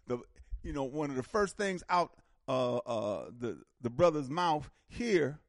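A man's voice: fairly high pitch, animated, a little slow, no room sound, clean studio sound. A man hosting a call-in radio talk show, speaking emphatically and animatedly, often repeating words as he builds a point.

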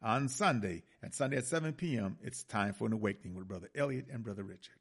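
A man with a low, gravelly voice and a husky edge hosts a radio talk show. He delivers impassioned, preachy commentary straight to his listeners and calls them brothers and sisters. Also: expressive, fast.

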